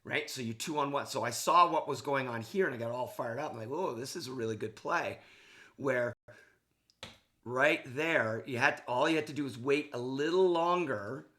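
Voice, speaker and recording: Man, hockey coach, casual voice-over, upbeat, breaks down game footage, mid pitch. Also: normal speed, bright, forceful tone. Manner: enthusiastic, casual, says "okay" and "like" often. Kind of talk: video game analysis for a player.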